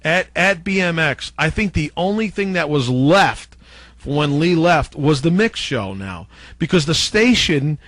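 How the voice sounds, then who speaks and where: A man with a slightly high voice tells stories from his radio days, acting out what others said with lively energy. The sound is dry and close, with no room around it. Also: unhurried, no room sound. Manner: animated, acts out quotes of others. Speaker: former radio DJ guest. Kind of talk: casual storytelling interview.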